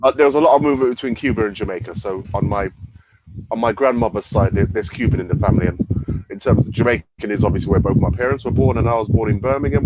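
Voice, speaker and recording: A man's voice: lowish voice, muffled recording, very noisy. A man from England, a comedian guest, talking playfully in a rambling way from his home office on a video call. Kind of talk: casual interview. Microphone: headphones on a video call.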